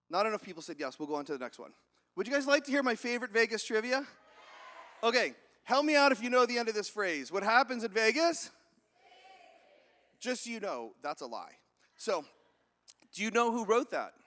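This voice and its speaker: A man giving an energetic, joking keynote speech, telling stories to a live audience. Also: sits high. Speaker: keynote speaker. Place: large hall with audience. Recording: long hall reverb.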